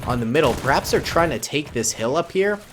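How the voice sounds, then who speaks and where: A man in his twenties giving excitable, goofy, chatty commentary over a battle simulation game. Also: on the high side, fairly quick. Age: 20s. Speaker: gaming YouTuber. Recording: gunfire and battle noise under voice. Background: game gunfire and explosions.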